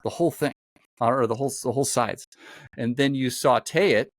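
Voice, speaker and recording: A podcast host with a medium-pitched voice chats casually at a fairly quick clip, telling a long rambling story with frequent fillers and restarts, recorded without room sound.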